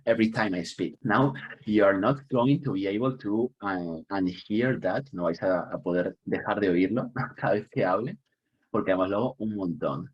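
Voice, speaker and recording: A man's voice: low-pitched, breathy edge. A man teaching an online English class, chatty and upbeat, chuckling often and leaning on key words. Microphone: computer mic on a video call.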